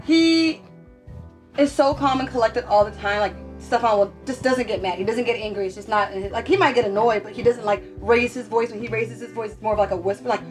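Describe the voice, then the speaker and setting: A woman's voice: on the high side, brisk, faint music behind. A woman on a podcast, chatting animatedly and acting out both sides of little arguments. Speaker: guest, wife of a co-host. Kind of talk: casual podcast chat.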